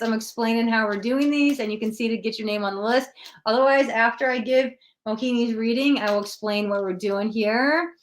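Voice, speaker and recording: A woman with a slightly high voice and a brisk pace hosts a live psychic tarot session, chatting with the audience and describing the cards as she draws them. Animated and chatty, she acts out quoted voices.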